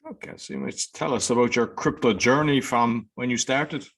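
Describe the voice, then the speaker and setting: Gravelly, husky podcast host man. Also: mid-range voice, moderate pace. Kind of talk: podcast intro and interviewing.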